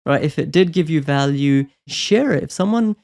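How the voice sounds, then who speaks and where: A man coaching on property investment, talking in an energetic, persuasive way and often checking in with "right?". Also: a little high, normal speed. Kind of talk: motivational advice talk.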